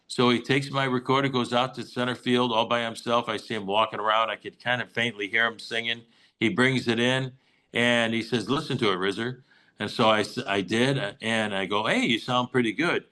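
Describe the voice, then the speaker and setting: An older man with a bright, ringing voice, spinning long anecdotes in a relaxed interview. He slips into the people he quotes as he goes, chuckling along the way. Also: mid-range voice, moderate pace, rough recording. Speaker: Mariners broadcaster, guest. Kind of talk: casual interview chat, storytelling.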